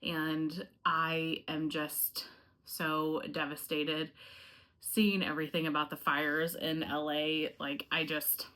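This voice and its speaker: A woman's voice: low-pitched, flat delivery, slow, bright, forceful tone. A woman chatting casually and directly to her viewers in a home review vlog, friendly and rambling. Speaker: home fragrance YouTuber.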